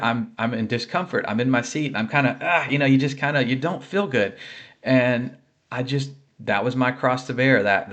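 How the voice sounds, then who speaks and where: A man's voice: mid-range voice, a bit bright. A man sharing a personal faith testimony of healing, speaking earnestly and conversationally with fillers and restarts.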